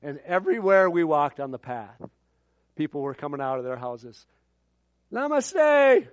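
Man, pastor from Minnesota; sermon storyteller, slightly high voice, dry. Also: moderate pace, no room sound, highs cut off. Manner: animated storytelling with repeated words and acted-out quotes.

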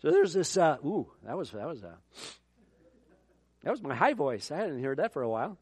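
A man's voice: on the high side, sing-song, moderate pace, darkish tone, breathy edge, no room sound. A middle-aged man preaching a sermon in a conversational way, with joking asides. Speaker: pastor.

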